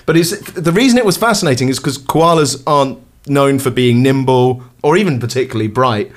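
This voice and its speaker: A man's voice: medium pitch, fairly quick. A man from North London, co-hosting a casual podcast chat, playful and prone to stammered restarts. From England (North London). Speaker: podcast co-host.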